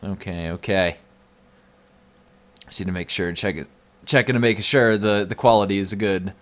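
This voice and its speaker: A man's voice: fairly low pitch, fairly even intonation, moderate pace, a bit bright. A young man streaming live from home, chatting casually and reading out the chat.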